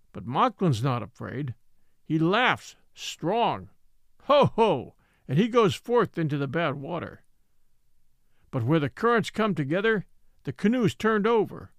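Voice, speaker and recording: A man voicing a patient old native man who tells his story slowly and solemnly in formal, old-fashioned speech. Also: a little high, big pitch swings, no echo.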